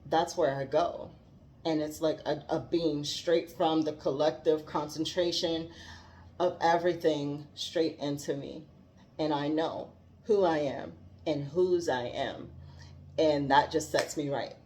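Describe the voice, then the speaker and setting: A woman's voice: sits low, fairly even intonation, measured pace, darkish tone. A woman talking earnestly about faith and growth, heartfelt and given to laughing. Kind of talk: reflective faith talk.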